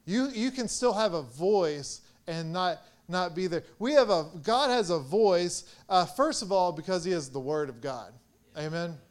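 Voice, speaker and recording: A man's voice: high-pitched, clear, resonant tone. A young man preaching a sermon as pastor, earnest and rising in force on key points.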